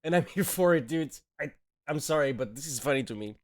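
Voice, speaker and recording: A man's voice: fairly high pitch, expressive, a little fast. A man who is not a native English speaker, streaming casual reaction commentary in a mocking, sarcastic tone, laughing often and dropping slang like bro and man.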